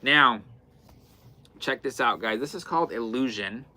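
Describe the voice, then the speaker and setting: Guy running a live fabric sale, bright voice, chatty, keeps calling out item numbers. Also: medium pitch, lively intonation, a little slow. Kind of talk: live-stream sales chat. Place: indoor fabric shop in the far north.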